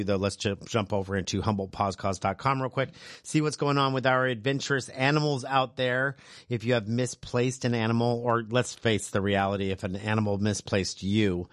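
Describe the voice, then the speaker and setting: A man on a local radio show talks loosely and jokes at his own expense as he reads community announcements. His voice sits a little low. The studio mic picks it up dry and close. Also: no room sound. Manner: loose, joking, self-deprecating. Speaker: radio host. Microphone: studio microphone.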